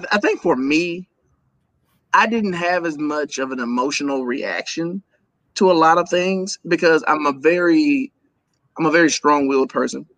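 A man talking as a guest in a casual interview, animated and laughing often, with quick asides. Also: a little high, dry recording, poor audio.

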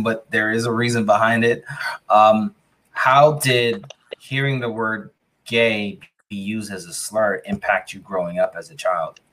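A man interviewing a guest, measured and often checking in with "right?". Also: lowish voice, a bit bright, slight background noise, rough recording. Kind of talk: interview questions.

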